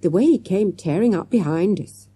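A woman reading an audiobook, voicing a curious schoolboy on a bus trip who talks in bright, exclaiming bursts. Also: on the low side, lively intonation, moderate pace, husky, dry recording.

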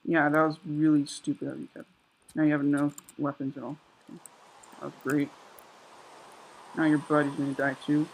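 Excitable young guy narrating his gameplay. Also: on the high side, normal speed, vocal fry, long pauses, poor audio. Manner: excitable, sarcastic, exclaims often. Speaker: gameplay commentator. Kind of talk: casual gameplay commentary.

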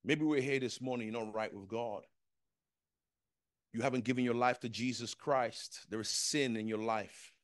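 Male pastor leading a church altar call, urgent and repetitive, mid-pitched voice. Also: moderate pace, dry recording, low-quality recording.

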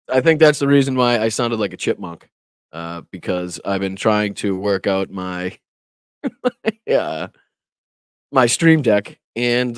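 A man's voice: mid-range voice, no room sound, studio quality. A man hosting a casual political livestream who talks straight to his chat, laughs often and swears when annoyed. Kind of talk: casual live-stream commentary.

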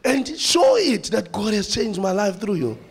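A man preaching a sermon in church with a South African accent, animated, repeating phrases and calling out to the congregation. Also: high voice, a little slow, husky.

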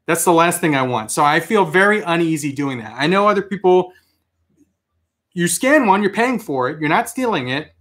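A man hosting a toy collecting show, telling stories in a casual, chatty way, with animated reactions when he quotes himself. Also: a little high, moderate pace. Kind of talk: casual live-stream chat.

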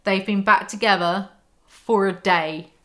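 A woman's voice: mid-range voice, steady tone, a little slow, fairly bright tone. A woman with a mid-range voice reads aloud from a novel, then cuts in with dry, sarcastic asides. Her commentary is mocking and conversational, like a YouTuber tearing apart a book.

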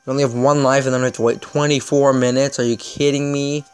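A young man talks through a mobile game in a middle pitch, sounding exasperated and dryly sarcastic. Faint game music plays behind his commentary. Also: level tone, quick pace, smooth. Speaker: gaming video host. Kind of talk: casual gameplay commentary.

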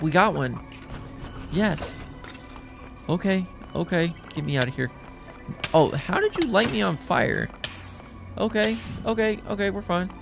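A man giving excitable gameplay commentary, full of taunting trash talk aimed at the monsters he is fighting. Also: fairly high pitch, gravelly. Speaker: gaming YouTuber.

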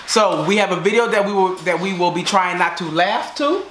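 A man's voice: high-pitched, fairly quick, a bit bright. A man hosting his family's channel in casual chat, teasing and laughing a lot. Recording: echoey room with background noise.

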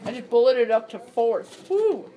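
A high-pitched teenage girl hosts a racing-game session in loose, casual chat. She gets excitable fast, bursting into shrieks whenever the race turns. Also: noisy background. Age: teens. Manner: excitable, shrieking at wins and crashes. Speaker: gamer host. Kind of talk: casual gameplay commentary.

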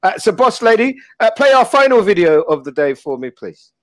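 A man hosting a casual show, joking and teasing his guests with quick restarts. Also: sits high, sing-song, dry recording. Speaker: host. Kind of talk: casual chat on a live show.

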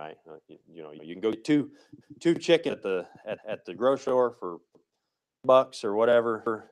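Low-voiced pastor preaching casually. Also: male voice, no room sound, rough recording. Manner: casual, repetitive restarts, keeps asking "right?". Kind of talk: conversational sermon.

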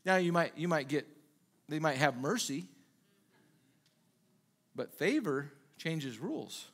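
A pastor preaching a sermon in a loose, conversational way, asking the congregation rhetorical questions and acting out little quoted exchanges. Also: male voice, on the high side, lively intonation, slow, fairly bright tone. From Minnesota.

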